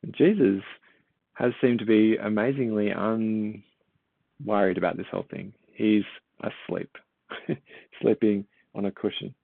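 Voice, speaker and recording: Gravelly low man over a tinny line. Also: fairly even intonation, unhurried, pauses often, no echo. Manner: conversational, asks listeners rhetorical questions; repeats words while thinking, says "uh". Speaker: church Bible reader and teacher. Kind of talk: Bible reading and informal teaching. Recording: tinny phone-like, dry sound.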